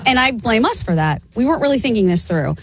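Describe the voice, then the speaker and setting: A woman's voice: a little high, big pitch swings, fast. A woman co-hosting a morning radio show, griping wryly and apologizing to listeners. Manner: wry, complaining. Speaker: radio co-host.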